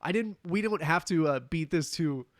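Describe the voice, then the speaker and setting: A man's voice: fairly high pitch, moderate pace, no echo, studio quality. A man speaking as a podcast guest in casual conversation, earnest and thoughtful.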